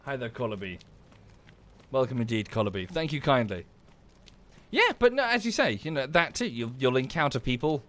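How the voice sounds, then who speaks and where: A sing-song, mid-range male voice with a fairly bright tone moves at a normal speed. The speaker is a game streamer from southern England with an Estuary English accent who chats casually as he plays on a livestream, thanking viewers by name and swearing under his breath at the game.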